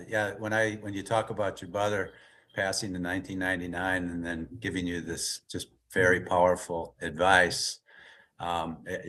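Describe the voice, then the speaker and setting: A man's voice: low voice, fairly bright tone. A man hosting an interview, responding reflectively to his guest. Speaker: host. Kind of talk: interview conversation.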